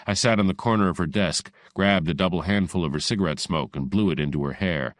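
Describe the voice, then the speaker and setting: A man's voice: low-pitched, a little fast, no room sound. A man narrating a hardboiled novel in the first person, dry and understated. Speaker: audiobook narrator.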